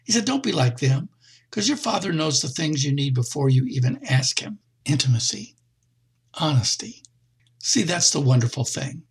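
A middle-aged man preaching a conversational sermon, with expressive jumps in pitch. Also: moderate pace, breathy edge.

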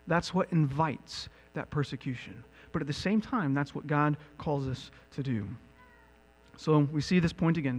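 A man preaching a sermon as pastor, animated and building to emphatic peaks. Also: sits high. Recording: long reverb with mains hum.

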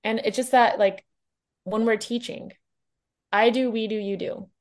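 A woman's voice: on the high side, fairly even intonation. Woman teacher guest, chatty, laughing between thoughts, lots of "like"s. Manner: chatty, quick laughs, many fillers. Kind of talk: casual podcast chat.

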